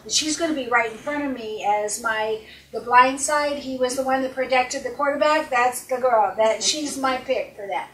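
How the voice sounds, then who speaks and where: A middle-aged woman coaching at a seminar, earnest, often acting out short dialogues and sometimes dropping to a calm hush, recorded with a distant mic in an echoey conference room. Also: high-pitched, normal speed, hardly any pauses, slight background noise. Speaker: life coach speaker. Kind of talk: seminar talk.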